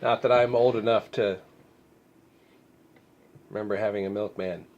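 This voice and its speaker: Male host, slightly low voice, blocked-nose sound from a cold, dry sarcastic asides, rambles and clears his throat often. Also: fairly even intonation, normal speed, a little mellow, muffled recording. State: congested from a head cold. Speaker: news commentary host. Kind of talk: casual deadpan news commentary.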